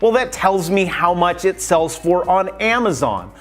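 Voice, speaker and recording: Man, high voice, casual vlogger, lively tips, light music underneath. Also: measured pace. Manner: chatty and animated, acts out quoted exchanges. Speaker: YouTube creator. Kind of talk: casual how-to vlog.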